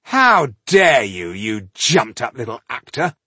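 A man reading an audiobook, voicing an indignant, hot-tempered count with a husky, blustering voice. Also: high voice, animated, measured pace, no echo, voice pushed up. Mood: angry. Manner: blustering, furious.

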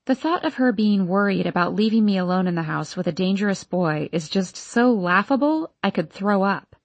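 A woman's voice: mid-range voice, lively intonation, normal speed, no echo. A woman reading first-person audiobook narration in a wry, inward way.

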